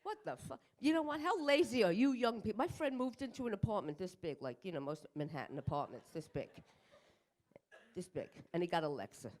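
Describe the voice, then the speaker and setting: A woman's voice: medium pitch, lively intonation, quick pace, few pauses, darkish tone. An older woman doing a stand-up comedy set on a club stage, with brash, profane, self-mocking punchlines. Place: comedy club stage in front of a live audience.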